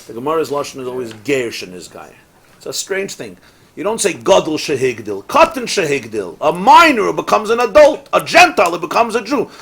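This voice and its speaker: A man, a rabbi, teaching a Torah class in a lively, sing-song lecture style, mixing in Hebrew and Yiddish phrases, asking rhetorical questions and cracking jokes. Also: fairly high pitch, creaky, slightly rough. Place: synagogue study hall, live class.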